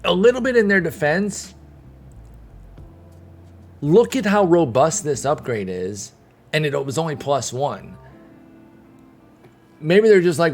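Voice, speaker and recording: A man's voice: on the high side, sing-song, slow, pauses often, darkish tone, faint music behind. Heated young male game streamer. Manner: heated, rambling rant with restarts. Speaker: gaming streamer. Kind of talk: casual commentary to live chat.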